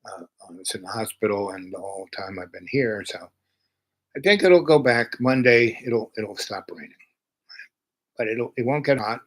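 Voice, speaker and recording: A man's voice: on the low side, lively intonation, normal speed, poor audio. A man in his seventies telling rambling personal stories in a chatty, meandering way. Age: 70s. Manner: meandering, chatty, jumps between thoughts. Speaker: channel host.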